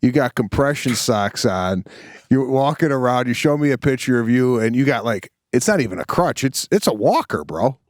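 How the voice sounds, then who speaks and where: A man of middle pitch co-hosting a comedy podcast. He teases his partner with a string of mock-serious questions. His voice sounds dry and close, with no room around it. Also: normal speed, dry recording. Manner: teasing, questioning, deadpan ribbing. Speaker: podcast co-host. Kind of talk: casual comedic chat.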